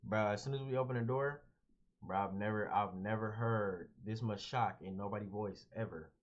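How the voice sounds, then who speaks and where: A young man telling a story casually as a vlogger, animated and slangy, calling everyone "bro". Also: on the low side, normal speed. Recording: dull lo-fi audio.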